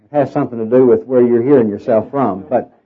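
Born in Oklahoma and brought up in Arkansas, this middle-aged preacher has a nasal Southern accent, and his sermon rambles folksily with filler words and jokes at his own expense. He speaks quickly in a mid-range voice with a breathy edge, on a dull lo-fi tape.

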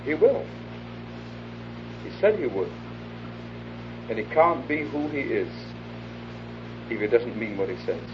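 A man preaching an evangelistic sermon, earnest, acting out little dialogues and dropping to an intimate hush for his appeal. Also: medium pitch, very animated, unhurried, pauses often. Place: hall before a live audience. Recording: dull lo-fi archive tape with faint hiss.

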